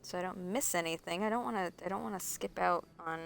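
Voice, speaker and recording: A woman's voice: on the low side, fast, vocal fry, fairly bright tone, a little hiss or hum. Chatty woman streaming a game. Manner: chatty, talks to herself and chat, laughs often. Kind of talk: casual live gameplay commentary.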